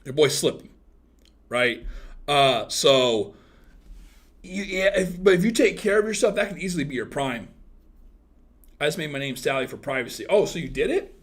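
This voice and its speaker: Man, thirties, livestream host, crude teasing banter, lively bouncing pitch, slightly high voice. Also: normal speed, long pauses, husky. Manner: crude, teasing, joking with chat; swings from loud outbursts to mumbled asides. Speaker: livestream host chatting with viewers. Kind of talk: casual livestream chat.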